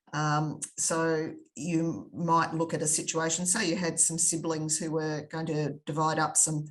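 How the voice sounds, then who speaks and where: An Australian woman speaking as a panelist in a webinar, thoughtful and measured, with frequent fillers. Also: low-pitched. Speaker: panelist on conflict resolution. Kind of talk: webinar discussion.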